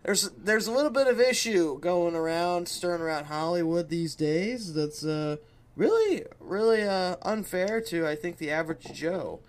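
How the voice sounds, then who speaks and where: A man co-hosting a podcast, ranting and swearing in excitable casual chat. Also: high-pitched, normal speed. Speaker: podcast co-host.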